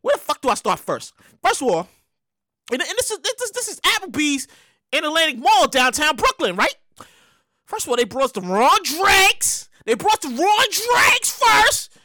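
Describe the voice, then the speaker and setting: A woman with a very high, sharp voice rants through a comic story as a show host. Her pitch leaps all over the place, and she swears freely, breaking into shouted outbursts. The sound is dry and close. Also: normal speed, no room sound. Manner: profane, animated, bursts into shouting. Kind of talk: comedic storytelling rant.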